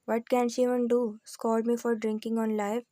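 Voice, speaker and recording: Woman reading a novel aloud, flat mellow voice, dry close sound. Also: fairly high pitch, normal speed, no room sound. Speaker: audiobook narrator. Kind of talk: first-person novel reading.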